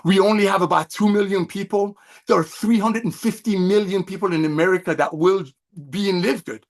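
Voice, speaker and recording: A middle-aged man with a fairly high-pitched voice speaks over a video call. As a company executive, he delivers an effusive, emphatic sales pep talk with a preacher-like swing to it. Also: fairly quick.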